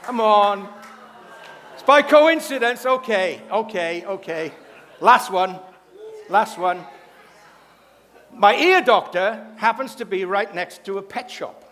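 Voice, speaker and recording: A man's voice: sits high, expressive, slow, pauses often, a bit bright. A man hosting a variety show, telling jokes on stage and introducing acts with a showman's flair. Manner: showman, playful. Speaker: emcee. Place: stage in a hall. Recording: long hall reverb.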